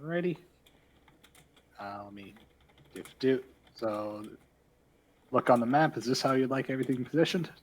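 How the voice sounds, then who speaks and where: A man's voice: mid-range voice, moderate pace, pauses often, slight background noise, low-quality recording. A man narrating a tabletop game as game master, hesitant and full of fillers and restarts.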